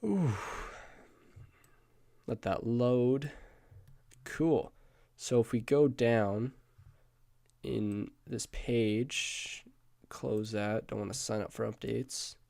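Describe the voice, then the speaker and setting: A man who is sick and hoarse gives a casual presentation on screen. He rambles, adds asides and keeps correcting himself. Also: mid-range voice, drawn-out words, pauses often, a little mellow, no echo, studio quality. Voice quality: croaky. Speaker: student presenter.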